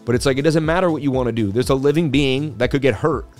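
A man's voice: mid-range voice, fast, darkish tone, faint music behind. A man hosting a crypto market livestream, chatting casually and reading viewer comments aloud.

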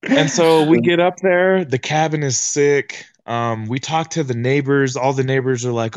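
A young man guest on a podcast, telling a party story in a casual, slangy, animated way. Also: mid-range voice, moderate pace, smooth, dry recording, dull audio.

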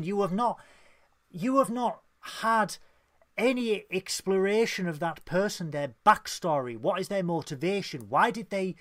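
A man co-hosting a casual fan podcast, talking with lively, mock-dramatic emphasis. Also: sits high, normal speed, no room sound. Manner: animated, mock-dramatic when ranting. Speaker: podcast co-host. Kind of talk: casual chat.

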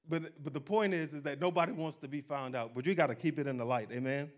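A man's voice: a little high, fast talker, few pauses. A man preaching a sermon in a folksy, conversational way, calling out "amen" and acting out quotes. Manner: exhorting, call-and-response preaching. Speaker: pastor.

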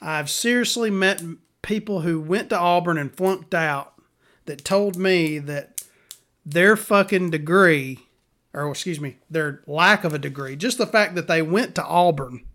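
A woman's voice: fairly low pitch, a little slow, a bit bright. A woman from Alabama, telling stories in a blunt, exasperated way and swearing freely. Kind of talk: casual storytelling rant.

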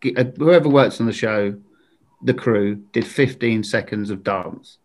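A man's voice: lowish voice, measured pace. Rambling man telling pub stories. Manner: rambling, animated, laughs through stories. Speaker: podcast guest, former football show presenter. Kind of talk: casual storytelling chat.

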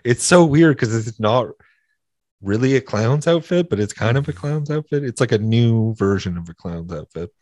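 A man's voice: mid-range voice, animated, normal speed, darkish tone, no echo. A man hosting a podcast in casual chat, laid-back, repeating himself and swearing casually. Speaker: podcast host.

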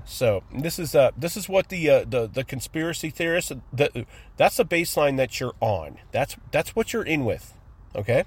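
Man, unhurried delivery, profane sarcastic rant, podcast host. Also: mid-range voice. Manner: profane, sarcastic, acts out mocking voices. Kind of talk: casual ranting monologue.

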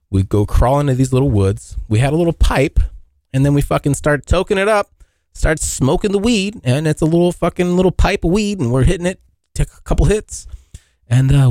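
Young man, podcast host, casual solo storytelling, lively swinging pitch, profane and rambling, dry close sound. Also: no room sound. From Washington State, US. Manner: rambling, profane, animated when acting out scenes.

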